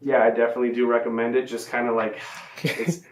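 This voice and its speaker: A man talks through his film review in a loose, animated way, stumbling over fillers and swearing now and then. His voice sits in the middle range, and the room around him is echoey. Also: mid-range voice, quick pace, slight background noise. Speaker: co-host reviewer. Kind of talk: casual film review chat.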